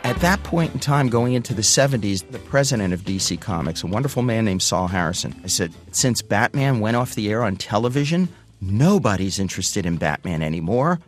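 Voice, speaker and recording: A man in his sixties tells a personal story, his voice sitting on the low side. He is animated and acts out the people he describes. Soft guitar music plays faintly underneath. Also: a little fast.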